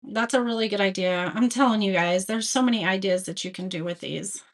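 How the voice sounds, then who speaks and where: Hosting a craft livestream, this woman speaks in a mid-range voice at a slightly quick clip. She chats casually, pokes fun at herself, laughs at her slip-ups, and reads out comments from viewers.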